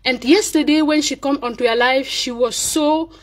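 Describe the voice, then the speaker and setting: High-voiced woman with a French accent. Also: normal speed. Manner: hesitant, switches between English and French, many fillers. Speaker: vlogger speaking to a fellow live-streamer. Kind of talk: casual spoken message.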